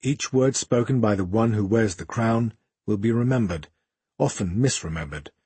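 A man's voice: fairly low pitch, a little mellow, breathy edge, dry recording. A man doing a grave, wise old king. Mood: solemn. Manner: solemn, measured.

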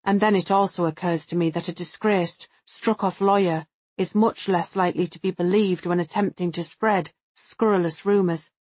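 Female audiobook narrator, calm and reflective first-person read, dry booth sound. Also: fairly low pitch, dry recording. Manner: measured and reflective.

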